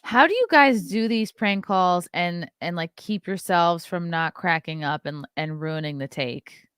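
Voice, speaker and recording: A woman hosts a casual podcast, reacting with amusement to her guests' stories and asking them questions. Her voice is smooth and resonant and sits slightly low. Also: measured pace, a bit bright, no echo, clean studio sound. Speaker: podcast host.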